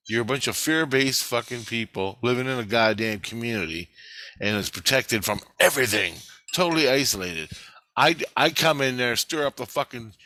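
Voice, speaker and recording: A man tells a strange dream in a heated, swearing torrent, jumping into the voices of the people he argued with. His voice is bright and forward. It is recorded close and dry. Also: mid-range voice, dry recording. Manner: agitated, profane, retelling dialogue in bursts. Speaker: vlogger. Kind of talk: casual recounting of a dream to camera.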